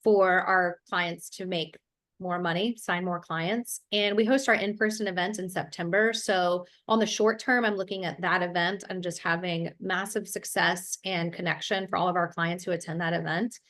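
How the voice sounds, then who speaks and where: A woman's voice: lowish voice, steady tone, normal speed, fairly bright tone. A woman from Ohio, a business coach, telling her story in an interview over a video call with energy and fluency. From Ohio, USA.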